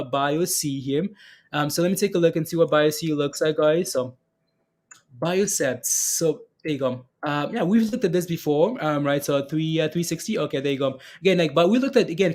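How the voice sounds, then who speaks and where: A man's voice: fairly high pitch, a little fast, a little mellow. A man giving casual live-stream commentary on stock charts, chatty and repetitive, often asking "right, guys?" and reading viewer comments aloud.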